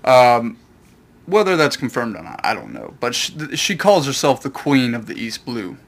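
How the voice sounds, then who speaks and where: A man's voice: mid-range voice, moderate pace, vocal fry. Man casually recapping a manga. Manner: rambling, animated retelling with brief character voices. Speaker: YouTube host.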